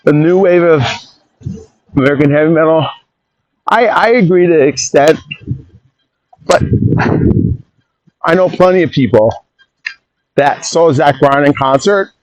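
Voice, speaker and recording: A man hosting a podcast in a casual rambling monologue, opinionated and quick to jump off on tangents and interrupt himself. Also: on the high side, low-quality recording. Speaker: podcast host.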